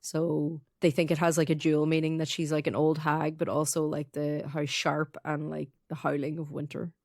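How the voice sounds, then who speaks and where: A young Irish woman co-hosting a podcast, retelling folklore in casual chat with quick, swearing asides. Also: deep voice, little pitch movement, a little mellow, no echo, studio quality. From Ireland. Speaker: podcast co-host.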